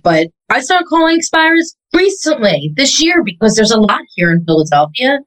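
A woman real estate agent talking as an interview guest, animated and quick to rattle off lists of questions. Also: medium pitch, poor audio. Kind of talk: casual interview talk.

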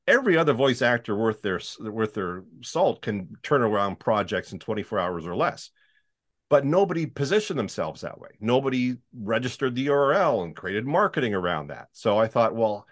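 Man speaking in a lowish voice. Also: expressive, normal speed. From Canada. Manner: explanatory, with many fillers and restarts. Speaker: voiceover artist guest. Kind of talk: casual interview chat.

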